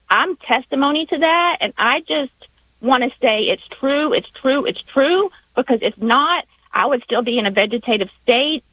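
A woman with a Southern US accent calling in to a radio show, speaking in a halting, heartfelt way with many restarts. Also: on the high side, fairly bright tone, no echo. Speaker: radio caller. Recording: dull phone line.

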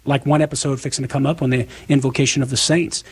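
Southern guy on the radio explaining things step by step, kinda husky voice. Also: medium pitch, flat delivery, fast. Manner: methodical, lecturing explanation. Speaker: apologist guest.

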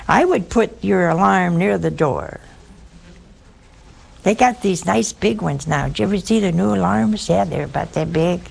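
A woman's voice: on the low side, moderate pace, creaky, breathy edge. A woman preaching a sermon in a folksy, humorous storytelling manner, acting out bits of dialogue.

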